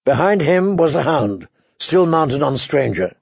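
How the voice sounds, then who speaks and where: A man narrating an audiobook in a measured, dramatic way. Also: on the high side, sing-song, vocal fry, a little mellow, husky, no echo, muffled recording. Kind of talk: scripted narration.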